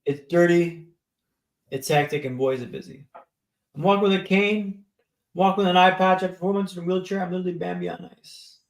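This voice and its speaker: His voice is high, creaky, and a little fast, with fairly even intonation. He's a man in his thirties guesting on a podcast, recounting his story in a vivid, dramatic way and frequently adding "right?", all in an echoey room.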